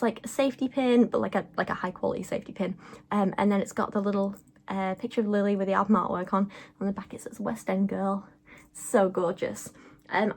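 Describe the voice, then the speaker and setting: A woman's voice: medium pitch, slightly rough. A young woman chatting casually to camera, rambling with lots of fillers as she vlogs. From England. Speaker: vlogger.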